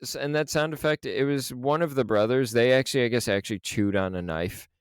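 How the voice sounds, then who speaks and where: A man co-hosting a podcast, casually recapping a horror film with animated, profane storytelling and frequent laughs. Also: medium pitch, fairly quick, clear, resonant tone, dry recording, studio quality. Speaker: podcast co-host.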